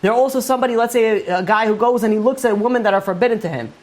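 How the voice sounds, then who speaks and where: A woman teaching a Torah lecture, telling stories in a lively way with many fillers and restarts. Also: on the high side, very fast.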